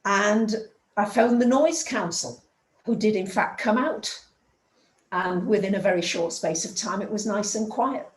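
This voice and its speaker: A woman's voice: medium pitch, unhurried, reverberant, low-quality recording. A woman telling a story in a chatty way and acting out the dialogue in a casual astrology talk.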